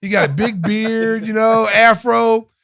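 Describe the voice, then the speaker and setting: This middle-aged man's voice is high and creaky, and he speaks a little slowly. The recording is dry with clean studio sound. As a podcast host in casual conversation, he tells a story with animation, performing the quotes of others.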